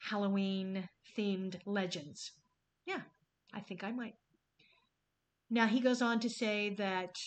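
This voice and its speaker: A woman hosting a podcast, telling film history in a casual, enthusiastic way with some swearing. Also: medium pitch. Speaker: podcast host.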